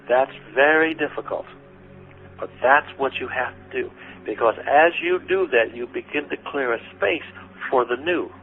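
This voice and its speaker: Man with a gravelly voice on a tinny radio line. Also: medium pitch. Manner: soothing, repetitive, addresses listeners as honey and sweetie. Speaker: spiritual teacher answering listener questions. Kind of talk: gentle spoken guidance and Q&A. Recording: phone-like lo-fi radio recording with faint noise.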